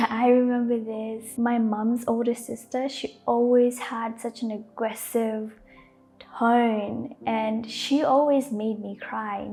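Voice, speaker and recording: A young woman talks softly and casually, with a mellow, somewhat high voice. She laughs easily and often says "like" as she gives gentle advice. Faint music plays behind her. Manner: gentle, soft-spoken, laughs often, uses "like" a lot. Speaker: lifestyle vlogger. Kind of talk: casual advice talk to camera.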